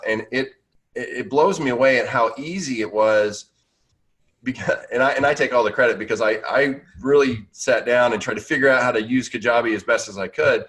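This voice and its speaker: A man's voice: mid-range voice, a little fast, fairly bright tone, low-quality recording. A man hosting a casual video-call interview, rambling with many restarts and fillers. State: out of breath. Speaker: podcast host.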